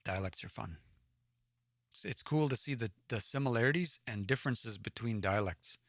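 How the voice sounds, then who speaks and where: A man's voice: mid-range voice, animated, normal speed, fairly bright tone, dry recording, studio quality. A man from the Edmonton area in Alberta, hosting a livestream where he reads a story aloud, translates it word by word, and sounds out words he is unsure of. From Edmonton area, Alberta, Canada. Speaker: livestream host reading Cree stories.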